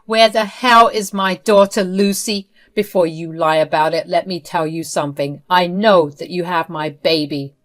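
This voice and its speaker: A woman's voice: lowish voice, expressive, measured pace, fairly bright tone. A woman voicing a furious young mother who speaks in an angry, threatening way. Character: furious young mother confronting her child's abductor.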